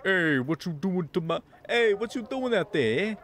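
A man's voice: high-pitched, expressive, pitched above the performer's own voice. A man voicing a ranting robot shopkeeper. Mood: angry. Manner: loud, fast, indignant scolding. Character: grumpy male robot shopkeeper, short-tempered. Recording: game music playing behind.

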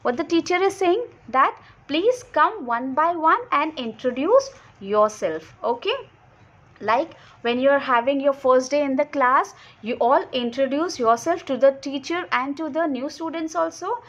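A woman's voice: high-pitched, lively intonation, a bit bright, dull audio. A woman primary school teacher, giving a lesson, asking questions and answering them herself. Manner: explains slowly, asks and answers own questions. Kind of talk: online class lesson.

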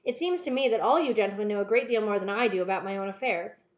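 A woman's voice: mid-range voice, quick pace, natural voice. Woman doing a blunt young baronet, dull recording. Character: young sturdy gentleman baronet, blunt and impatient.

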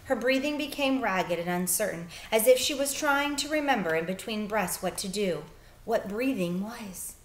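Teacher lady reading a kids book out loud, expressive, goes quiet and hushed, echoey room. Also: medium pitch, moderate pace. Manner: expressive storytelling, soft and hushed in sad parts. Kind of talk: children's book read-aloud.

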